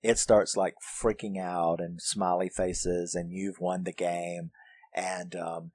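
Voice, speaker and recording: Low-voiced guy rambling about a slasher flick, takes his time, swears a lot, dry room. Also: flat delivery, takes it slowly, darkish tone, no echo. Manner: profane, laughs often, quotes characters in put-on voices. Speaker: horror film reviewer. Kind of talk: casual film review monologue.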